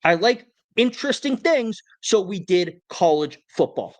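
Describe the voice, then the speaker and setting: A man's voice: high voice, sing-song, unhurried, dry recording. Heated young man ranting on a podcast. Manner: worked up, ranting, stammers when heated. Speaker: podcast co-host. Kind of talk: casual sports podcast rant.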